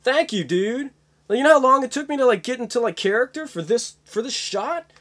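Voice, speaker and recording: A man's voice: extremely high pitch, lively intonation, brisk, fairly bright tone, voice pushed up, heavily acted. A man imitating an angry male film star ranting profanely and sarcastically on set. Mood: sarcastic.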